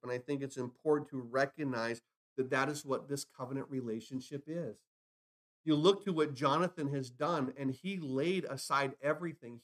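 Male pastor, slightly high voice, emphatic sermon delivery with rhetorical questions. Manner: acts out scripture dialogue in retellings.

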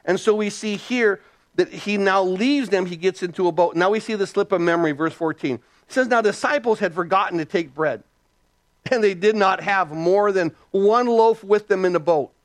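A male pastor preaching an animated sermon, his voice jumping up and dropping low, with frequent restarts and repeated words. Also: normal speed, no echo.

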